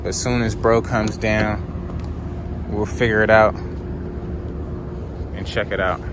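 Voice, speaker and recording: A man's voice: lowish voice, steady tone, slow. A man filming a casual vlog outdoors on a phone camera, talking loosely with lots of slang and fillers. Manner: laid-back slangy talk, loose fillers. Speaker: car flipping vlogger. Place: outdoors at car lots and roadside. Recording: outdoor phone audio with street noise. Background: traffic and street noise.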